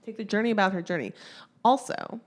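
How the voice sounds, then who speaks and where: A woman co-hosting a comedy podcast, introducing the guest and the show in an upbeat way with quick asides. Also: mid-range voice. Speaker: podcast co-host. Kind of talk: casual chat.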